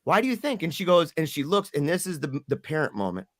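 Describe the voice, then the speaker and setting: Animated man retelling a hard story. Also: on the high side, fast talker, dry recording, studio quality. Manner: animated, acts out quoted voices. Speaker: podcast guest. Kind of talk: emotional storytelling.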